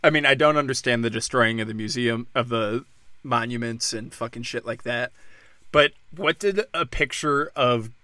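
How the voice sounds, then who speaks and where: A man's voice: mid-range voice, moderate pace, bright, forceful tone, dry recording. A man hosting a casual news rant, sarcastic and profane, rambling from story to story.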